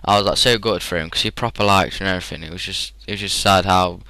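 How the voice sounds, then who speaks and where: A British teenage boy rambles through a casual gaming commentary, telling stories over gameplay with lots of fillers and laughter. His slightly low voice is bright, clean, fast and gravelly. The recording is close and dry, with no room echo.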